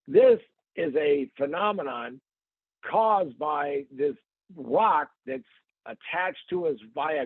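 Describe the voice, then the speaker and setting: Gravelly joking man on a tinny line. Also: on the high side, no echo. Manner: joking storyteller with playful asides. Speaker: podcast host. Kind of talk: casual comic podcast chat.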